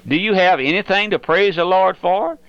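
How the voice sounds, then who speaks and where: A man's voice: high-pitched, moderate pace, clear, resonant tone, no room sound. An older man preaching a fervent radio sermon, pleading directly with the listener. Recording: dull lo-fi radio recording.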